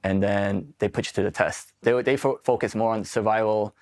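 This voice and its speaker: A man's voice: on the low side, fairly even intonation, moderate pace, darkish tone. A man in his forties from Queens, New York, telling his own military stories in a candid, swearing, casual way. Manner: candid, profane, acts out quoted exchanges. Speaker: Marine veteran guest. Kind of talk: casual storytelling interview.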